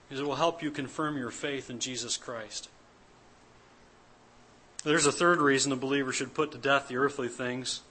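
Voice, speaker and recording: A man's voice: mid-range voice, sharp tone. A man preaching an earnest, emphatic church sermon as pastor, repeating his key points. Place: church service.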